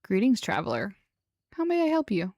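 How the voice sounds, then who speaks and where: A woman voicing a gruff, muscular woman innkeeper who speaks with a put-on accent and gives dry, curt answers. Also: mid-range voice, huge pitch swings, normal speed, a little mellow, no echo. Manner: dry, curt, blunt replies.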